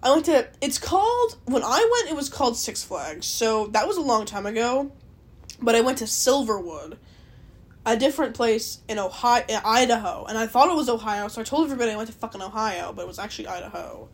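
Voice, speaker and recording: A woman's voice: on the high side, expressive, brisk. A young Canadian woman hosting a podcast, rambling casually, swearing a lot and laughing often. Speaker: podcast host. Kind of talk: casual solo chat.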